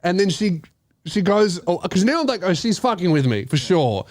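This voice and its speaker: Casting: high-pitched man, lively comic storyteller, swears freely. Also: normal speed, dry recording. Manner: animated, swearing, laughing, acting out voices. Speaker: comedian host telling a story. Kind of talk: casual podcast storytelling.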